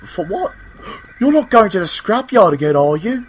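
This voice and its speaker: Man doing Stanley, a high chirpy engine. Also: sing-song, moderate pace, breathy edge, big-room sound, exaggerated voice. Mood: curious. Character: excitable male old steam engine, young-at-heart.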